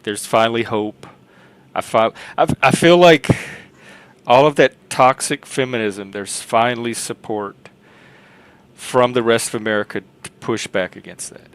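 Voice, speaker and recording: A man's voice: on the low side, a bit bright. A man co-hosting a casual podcast chat, earnest and thinking aloud. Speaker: podcast co-host.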